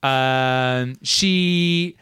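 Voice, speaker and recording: Smooth-voiced man running a tabletop game. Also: mid-range voice, very slow, bright, forceful tone, dry recording, studio quality. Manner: describes scenes at length, asks players for dice rolls. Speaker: game master.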